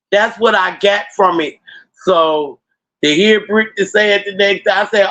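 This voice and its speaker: A man hosting a casual livestream, ranting and telling stories in a profane, animated way into a computer mic. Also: sits high, measured pace, rough recording. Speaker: livestream host.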